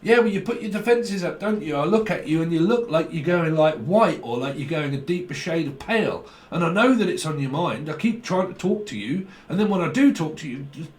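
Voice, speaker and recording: A man's voice: fairly high pitch, animated, brisk, few pauses. A man giving a casual, rambling tarot reading, chatty and laughing often, swearing freely as he talks. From United Kingdom. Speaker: tarot reader. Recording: roomy echo with faint background noise.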